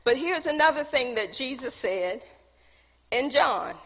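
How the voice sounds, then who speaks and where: A high-voiced woman preaches a sermon in a hall with a long, trailing reverb. Her tone is bright and slightly husky. She keeps putting questions to the congregation and slips in casual asides between the scripture. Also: expressive, a little slow.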